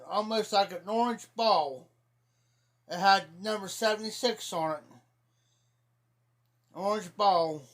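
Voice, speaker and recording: With a high-pitched, fairly bright voice, a middle-aged Ohio man rambles through folksy stories for his casual livestream, repeating "I said" along the way.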